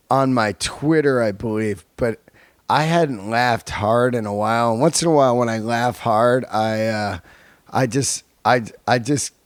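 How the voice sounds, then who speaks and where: A man's voice: medium pitch, smooth, no echo. A middle-aged man hosting a podcast in a loose, profane, laughing way. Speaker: podcast host. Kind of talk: casual monologue and interview.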